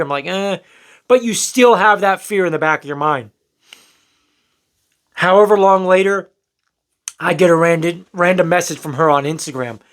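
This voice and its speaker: A young man with a high, somewhat bright voice tells a story to camera as a storytelling vlogger. It's casual, candid and rambling, with the odd swear word and reenacted lines from the people involved.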